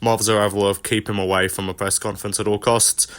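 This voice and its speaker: A man's voice: lowish voice, level tone, fairly quick, a bit bright, clean tone. A man giving casual, profane commentary as he ranks fighters, with lots of fillers in his talk. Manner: loose and profane, full of fillers. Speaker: MMA commentary YouTuber.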